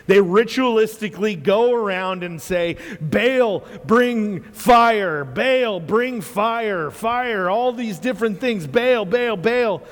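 High-voiced animated preacher in a hall. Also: male voice. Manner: animated storytelling, acts out quotes, laughs often. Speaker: pastor. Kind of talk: sermon. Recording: reverberant hall.

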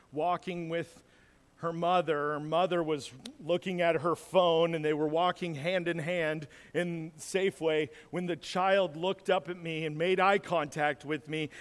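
Guy pastor rambling thru a sermon, jokey about himself, long echo like a church sanctuary. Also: high-pitched. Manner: rambling, self-deprecating and joking, with frequent restarts. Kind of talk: casual sermon with personal stories. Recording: long hall reverb.

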